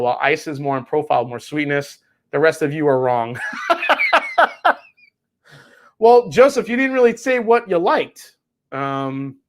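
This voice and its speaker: Male livestream whiskey host, a bit high voice, rambling and profane. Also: fairly bright tone. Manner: rambling, swears freely, reads chat aloud. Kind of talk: casual livestream chat.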